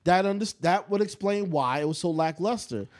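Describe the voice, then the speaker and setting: A high-voiced young man holding his ground in a relaxed podcast chat. He is opinionated and emphatic, and he drives his points home by saying them again and again. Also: fairly quick. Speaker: podcast co-host. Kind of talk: casual chat.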